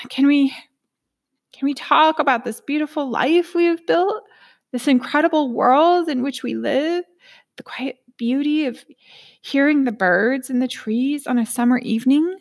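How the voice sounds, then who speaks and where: Woman putting on a frantic, anxious inner overachiever. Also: vocal fry. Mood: hopeful. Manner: pleading, rushed, high and breathless.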